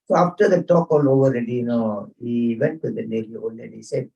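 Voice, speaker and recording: A man leads an informal scripture class at a home gathering, mixing chanted Sanskrit verses with chatty, chuckling stories. His voice is mellow and warm. He sounds a little distant from the microphone. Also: mid-range voice, a little fast, gravelly, highs cut off. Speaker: spiritual teacher.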